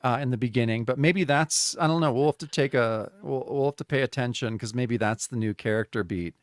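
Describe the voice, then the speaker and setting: A man co-hosting a podcast, talking casually about a comic book, swearing freely and getting animated as he reads out the panels. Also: mid-range voice, fairly quick, no echo, studio quality. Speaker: podcast co-host.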